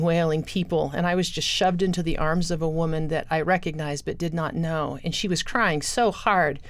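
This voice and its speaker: A middle-aged woman speaks as a guest, telling her life story with earnest storytelling. Her voice sits low. The recording is dry and close, with no room around it. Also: no room sound. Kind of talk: personal testimony in a radio interview.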